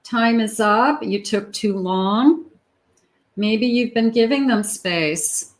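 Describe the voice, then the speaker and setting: A woman's voice: a little high, slow. A woman giving a tarot reading in a chatty, conversational way, with frequent fillers and restarts. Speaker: tarot reader.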